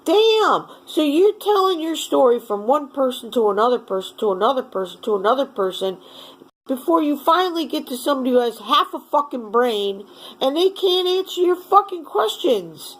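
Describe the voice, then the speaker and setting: A woman's voice: high-pitched, sing-song, moderate pace, low-quality recording. A woman at home ranting furiously in a vlog, swearing constantly. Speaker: vlogger. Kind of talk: angry rant to camera.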